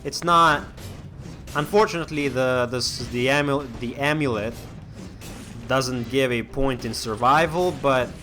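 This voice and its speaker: Rambling, slow-talking gamer guy. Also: mid-range voice, pushed and bright, faint music behind. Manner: rambling, many restarts and fillers, chatty asides. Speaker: gaming channel host. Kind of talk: casual let's-play commentary.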